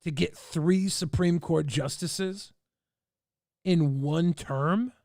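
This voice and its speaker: A man rambles through relaxed livestream commentary with chuckling asides. His voice is gravelly and a little high. The sound is dry and close. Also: drawn-out words, dry recording. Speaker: livestream host. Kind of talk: casual stream commentary.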